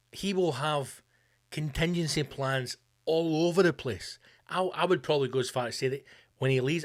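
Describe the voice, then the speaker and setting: A Scottish man hosting his podcast, delivering a sweary, animated comedic rant in a conspiratorial tone. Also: fairly high pitch. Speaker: podcast host.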